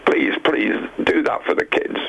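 A man's voice: measured pace, pushed and bright, rough recording. An older man, calling in to a radio show, blunt and gloomily joking. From Bedfordshire. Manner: blunt, grumbling, gloomy humour. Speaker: caller. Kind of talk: phone-in chat.

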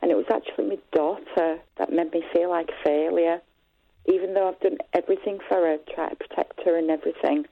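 A middle-aged woman calling a phone-in, talking hesitantly with many pauses, sounding distressed. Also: fairly low pitch, fairly even intonation, creaky, no echo. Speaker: caller. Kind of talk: phone-in call. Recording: tinny phone line.

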